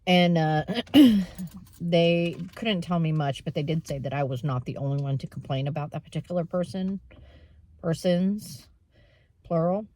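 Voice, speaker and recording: A woman's voice: deep voice, normal speed, warm tone. Candid woman vlogging through errands. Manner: candid, emotional, many fillers and throat clearing. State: tearful at times. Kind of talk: casual vlog chat while running errands.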